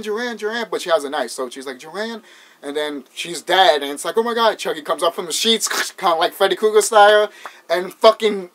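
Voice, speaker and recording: A man's voice: on the high side, fairly bright tone. A man casually retelling a horror movie's plot, rambling, swearing often and laughing as he goes. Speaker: movie reviewer.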